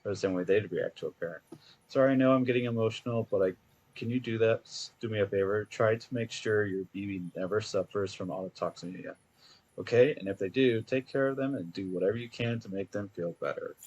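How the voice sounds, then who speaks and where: A man's voice: lowish voice, fairly quick, darkish tone, lo-fi sound, lightly acted. A man reading out the letter of an earnest, emotional male courier in a video game, heartfelt and rambling with fillers.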